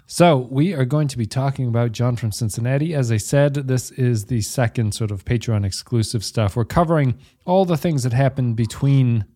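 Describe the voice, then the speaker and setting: A man's voice: mid-range voice, moderate pace, hardly any pauses, dark tone. A man hosting a podcast, chatting casually and rambling, often correcting himself mid-sentence. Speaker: podcast host.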